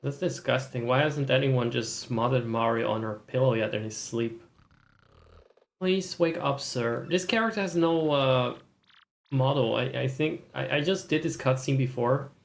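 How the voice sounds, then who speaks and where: A man's voice: mid-range voice, moderate pace, creaky. Sardonic young man streaming a game. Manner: wry, sardonic running commentary. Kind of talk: gaming stream commentary with voiced dialogue.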